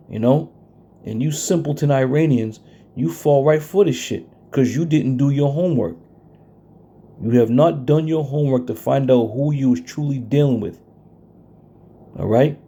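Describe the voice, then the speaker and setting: Blunt, confrontational preacher man, dark-toned. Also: mid-range voice, breathy edge. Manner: confrontational, blunt, reads verses slowly and stresses them. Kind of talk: scripture-based sermon.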